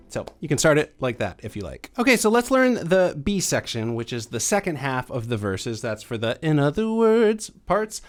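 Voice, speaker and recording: A young adult man teaching a piano lesson, explaining chords in a relaxed way and counting beats aloud. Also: medium pitch, normal speed, few pauses. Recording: piano playing under the voice. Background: piano playing.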